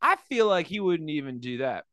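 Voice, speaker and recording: A man's voice: on the high side, big pitch swings, a little fast, sharp tone, no echo. A man chatting casually as a comedian co-host, acting out quotes in different voices and swearing freely. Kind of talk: casual podcast chat.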